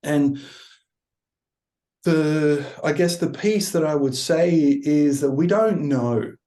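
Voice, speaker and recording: A man, a coach speaking as a podcast guest, thoughtful and unhurried as he tells stories. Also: a little high, mellow. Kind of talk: reflective podcast conversation.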